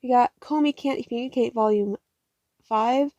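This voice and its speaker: A young woman rambles through her latest manga haul in a mellow, warm voice, cursing freely and talking herself into bursts of excitement. She sounds tired. The sound is close and dry, with no room echo. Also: on the high side, normal speed, muffled recording. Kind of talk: casual haul vlog.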